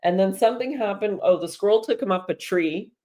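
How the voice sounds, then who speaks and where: A woman's voice: medium pitch, brisk, warm tone. A woman hosting a live spiritual energy show, talking casually and chattily to viewers and laughing often.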